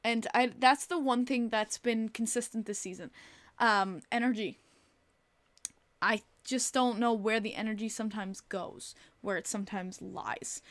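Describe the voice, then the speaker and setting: A woman's voice: on the high side, fairly bright tone, no echo. A woman hosting a casual live-stream podcast, talking bluntly and swearing freely while reading chat aloud. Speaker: podcast host.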